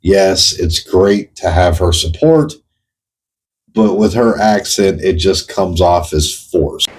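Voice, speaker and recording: A man's voice: low voice, lively intonation, takes it slowly, slightly rough, rough recording. A man hosting his own show, venting in a blunt, profane monologue and firing pointed questions straight at the person he is addressing. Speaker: host. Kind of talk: ranting monologue.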